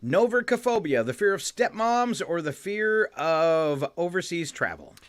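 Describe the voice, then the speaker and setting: A man hosting a morning radio show, running a trivia quiz in casual banter. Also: a little high. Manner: lively quizmaster, reads trivia and headlines briskly.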